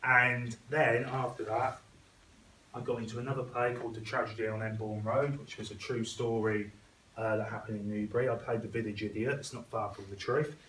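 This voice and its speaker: A young man tells a chatty, self-deprecating story to a school audience and acts out other people's lines. His voice sits at an ordinary middle pitch. It sounds distant, and it echoes around a large hall with faint background noise. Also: flat delivery, a little fast, fairly bright tone. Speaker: guest speaker.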